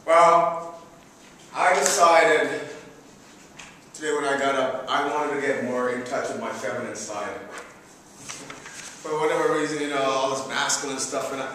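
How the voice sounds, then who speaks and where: A middle-aged man giving a humorous speech, telling a self-mocking story in an animated, chatty way. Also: mid-range voice, measured pace, long pauses, distant mic, slight background noise. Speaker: public speaker. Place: large hall. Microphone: distant room mic. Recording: echoey hall recorded from afar.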